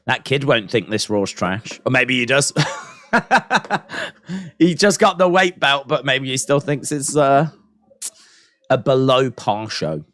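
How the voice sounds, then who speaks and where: A man's voice: mid-range voice, lively intonation, slow pace, long pauses, fairly bright tone, no room sound. Joking man reacting on stream. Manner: joking, sarcastic, chats to viewers and reads out chat. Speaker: wrestling watch-along streamer. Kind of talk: live-stream reaction commentary.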